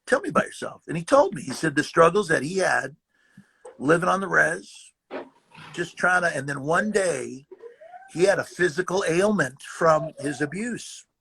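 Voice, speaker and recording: An older man tells stories in a casual, animated way, acting out the lines of people he talks about. His voice sits high and gravelly, with a husky, bright edge. He often repeats words as he goes. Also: unhurried, a little hiss or hum. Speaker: guest actor. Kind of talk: casual storytelling.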